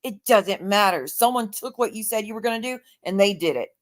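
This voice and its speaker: A woman's voice: medium pitch, lively intonation, brisk. A woman hosting a livestream, delivering a heated, profane rant and sounding tired. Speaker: livestream host.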